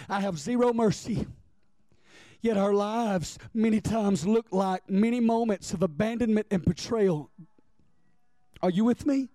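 A man's voice: high-pitched, a little slow, warm tone, dry recording. A man preaching a sermon with passion, in plain folksy speech, calling out to listeners by name. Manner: impassioned, talks straight to listeners by name.

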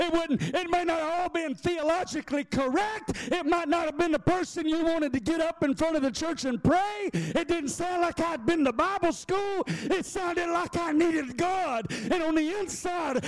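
A man's voice: very high-pitched, no echo, clean studio sound. A man preaching a sermon in a folksy way, repeating himself and calling on the congregation to answer. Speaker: pastor.

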